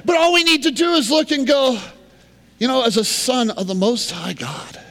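A male pastor preaching a sermon in a conversational yet emphatic way, swinging between loud and quiet passages. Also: very high voice, normal speed. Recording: long reverb of a large hall.

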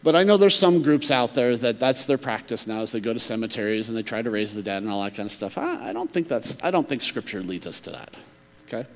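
A man preaching a sermon, swinging between emphatic loud stretches and hushed near-whispers. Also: medium pitch, lively intonation, fast, long reverb tail. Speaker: pastor.

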